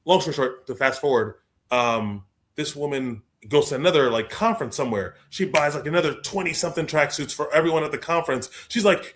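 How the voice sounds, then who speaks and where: A young adult man, a guest author telling stories in a lively way, acting out the people he quotes. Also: a little high, fairly quick. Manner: expressive, acts out quoted voices, repeats words. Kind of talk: animated storytelling in conversation.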